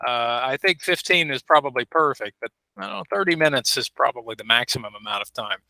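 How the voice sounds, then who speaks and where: A man's voice: mid-range voice, expressive, quick pace, gravelly, sharp tone, no room sound, poor audio. A man teaching an online English class, patiently modeling pronunciation. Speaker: ESL teacher. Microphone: video call.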